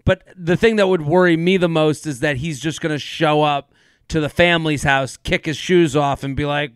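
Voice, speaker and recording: Animated man with a smooth, dry voice. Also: a little high, moderate pace, no echo. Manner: animated, laughs often, acts out quotes. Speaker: podcast co-host. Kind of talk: casual chat.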